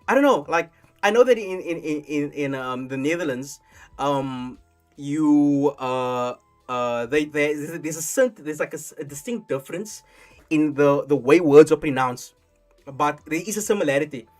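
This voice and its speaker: A young man from Africa, hosting a casual live stream in a rambling, animated way with many restarts. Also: fairly high pitch, moderate pace. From South Africa. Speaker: streamer host. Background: faint lo-fi music.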